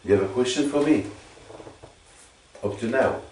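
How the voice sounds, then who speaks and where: A man giving an informal Torah teaching to a listener, halting and repeating phrases for emphasis. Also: medium pitch, lively intonation, a little mellow. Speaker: religious teacher. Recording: echoey room, distant mic.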